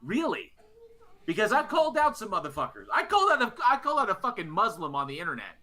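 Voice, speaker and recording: Texan co-host, loud and bright, animated swings in pitch. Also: male voice, fast. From Texas. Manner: boisterous, swearing. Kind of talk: casual podcast chat.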